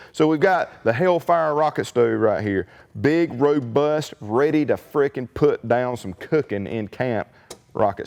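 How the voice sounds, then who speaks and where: Excitable folksy man, low voice. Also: big-room sound. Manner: folksy, excitable, drawling colloquial talk. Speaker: unboxing video host. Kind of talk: casual product unboxing chat.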